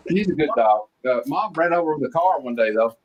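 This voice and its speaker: Husky, lively man on a lo-fi call. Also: on the high side, fairly quick. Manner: laid-back, chatty. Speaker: panel guest. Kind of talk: casual panel chat.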